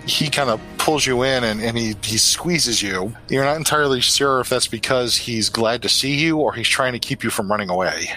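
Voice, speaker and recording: A man's voice: medium pitch, moderate pace, hardly any pauses, sharp tone, soft background music, low-quality recording. A man narrating as game master of a tabletop role-playing game, in loose, filler-heavy speech.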